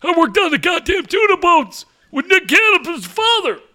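A man's voice: very high voice, big pitch swings, normal speed, noisy background, voice pushed up. A man voicing a cranky old male caller who rambles about local nobodies in a quavering old-timer manner.

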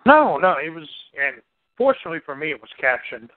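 A man's voice: fairly high pitch, big pitch swings, fairly quick, dry recording. A man co-hosting a podcast, chatting casually about movies in a laid-back, rambling way and swearing freely. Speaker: podcast co-host. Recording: tinny phone-like band-limited sound.

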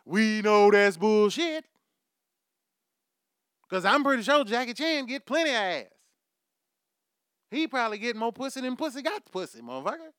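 A man's voice: very high-pitched, sing-song, moderate pace, pauses often, fairly bright tone, clear, resonant tone, no echo, clean studio sound. A man hosting his own podcast, delivering a profane comic monologue and laughing at his own jokes. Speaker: podcast host.

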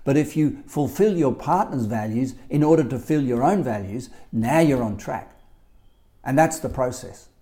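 A life coach with an Australian accent talks alone into his podcast mic. His voice sits mid-pitched and mellow rather than bright. He leans on his points emphatically, circling back to repeat them. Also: lively intonation, normal speed. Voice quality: emphatic, repetitive. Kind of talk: solo podcast monologue.

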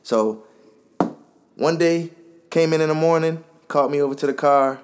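A man telling a story in a casual podcast chat, animated and full of slang. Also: on the high side, moderate pace, noisy background. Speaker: podcast co-host.

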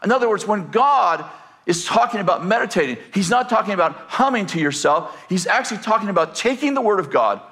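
A man's voice: sits high, lively intonation, a little fast, bright, forceful tone. A man preaching a sermon as pastor, asking the congregation rhetorical questions and acting out quoted voices.

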